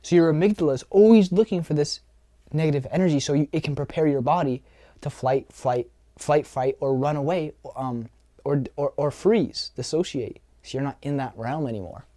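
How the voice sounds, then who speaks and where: A man's voice: on the high side, moderate pace, warm tone, no echo. A man giving an earnest self-help talk as a coach, often repeating phrases for emphasis. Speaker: social skills coach.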